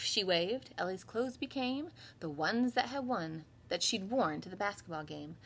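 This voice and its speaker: A woman in her thirties teaches kindergarten from home, reading a picture book to children and then running through letter sounds. Her voice is bright and fairly high, swooping animatedly through the story. There is a slight breathy edge to it. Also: moderate pace, few pauses. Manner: lively storytelling with voiced characters. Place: home, livestreamed class.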